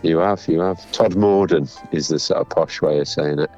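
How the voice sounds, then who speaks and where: A man's voice: extremely low pitch, fairly even intonation, brisk. A man with a Northern English accent, rambling through a casual anecdote with lots of fillers. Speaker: musician guest. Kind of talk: casual chat. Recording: dull lo-fi sound, faint music.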